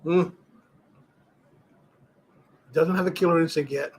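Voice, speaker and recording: Slow and fairly even in intonation, a middle-aged man's voice sits on the high side with a breathy edge. He hosts a cigar livestream, chatting casually, reading viewer comments and rambling through stories with many restarts and fillers.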